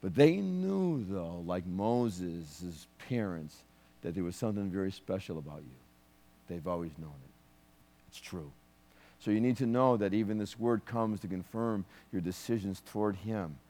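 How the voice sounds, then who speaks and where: Lower-voiced man ministering in church. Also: animated, measured pace. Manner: warm, conversational, joking asides.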